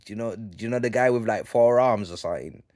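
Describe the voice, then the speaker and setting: A man casually recapping a manga chapter on a live stream, slangy and full of ums, reading the quotes out flat. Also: lowish voice, fast, no echo, clean studio sound. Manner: slangy, reads out quotes flatly, many ums.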